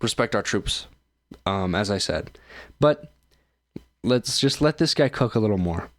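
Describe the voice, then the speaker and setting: A man's voice: on the low side, lively intonation, measured pace, a bit bright, dry recording, studio quality. A man hosting his own show, ranting profanely and rambling through reaction commentary with lots of fillers. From United States. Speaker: streamer and show host.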